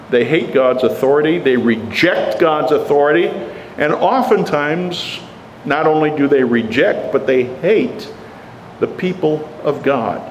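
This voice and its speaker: A man preaching a sermon, slow and emphatic, rising on his rhetorical questions. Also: medium pitch, a little hiss or hum. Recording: echoey hall, faint ambience.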